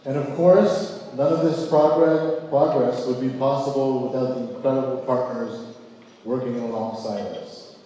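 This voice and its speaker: A man's voice: mid-range voice, fairly even intonation, measured pace, mellow. A man co-hosting a gala, upbeat and rallying the audience. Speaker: gala co-emcee. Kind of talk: event hosting. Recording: echoey banquet hall, distant mic.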